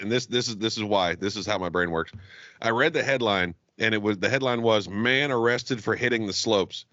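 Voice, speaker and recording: A man's voice: on the low side, sharp tone, no echo, dull audio. A man co-hosting a comedy podcast, brash and profane, trading crude jokes. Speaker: podcast co-host.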